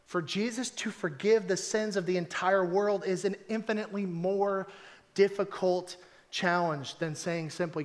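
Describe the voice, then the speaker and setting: A man preaching a sermon to his congregation, animated and conversational, driving points home with emphatic repetition. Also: high-pitched, a little slow. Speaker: pastor.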